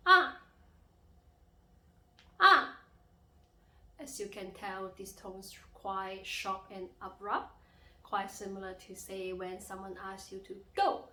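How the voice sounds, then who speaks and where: A young woman tutor gives a language lesson at a slow, careful pace. Her voice is bright and tense, and she draws out vowels to demonstrate tones. The recording has noticeable room echo. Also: mid-range voice. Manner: demonstrates tones with long drawn-out sung vowels. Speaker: Mandarin and Cantonese tutor.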